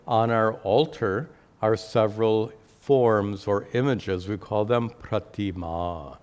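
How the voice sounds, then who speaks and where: A man teaching a scripture class, explaining slowly and deliberately and repeating key phrases. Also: on the low side, a little mellow. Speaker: spiritual teacher. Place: temple classroom with altar.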